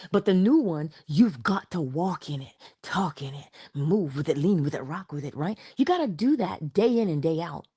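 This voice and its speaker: A woman's voice: lowish voice, a little mellow. Woman giving a playful motivational talk. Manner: conversational and playful, coaching the listener. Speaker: motivational speaker. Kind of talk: inspirational talk.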